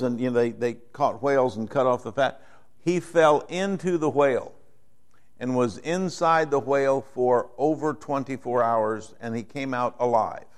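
A middle-aged man preaching a sermon in a conversational way, growing animated as he acts out the people in his story. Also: mid-range voice. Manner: conversational, rising to animated when voicing characters. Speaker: pastor.

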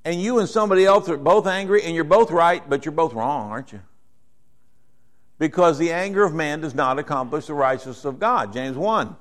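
A middle-aged man preaching a sermon in a conversational way, growing animated as he acts out the people in his story. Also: a little high, brisk. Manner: conversational, rising to animated when voicing characters. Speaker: pastor.

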